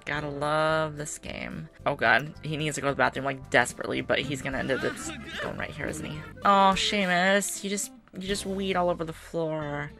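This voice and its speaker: A woman chatting casually while playing a game, her voice hoarse and tired, rambling with fillers and laughs. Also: deep voice, moderate pace, hardly any pauses, fairly bright tone, soft background music. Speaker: gaming video creator. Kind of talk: casual gameplay commentary.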